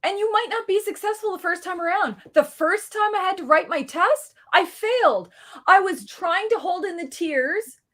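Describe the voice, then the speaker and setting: High-voiced encouraging woman guest. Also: normal speed, a bit bright. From Canada. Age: middle-aged. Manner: earnest, encouraging storyteller. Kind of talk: casual interview chat.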